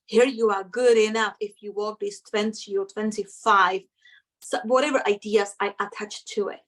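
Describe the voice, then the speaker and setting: A middle-aged woman appears as an interview guest, reflecting emotionally on a personal story and acting out her inner voices. Her voice is mid-range and steady in tone, at a moderate pace.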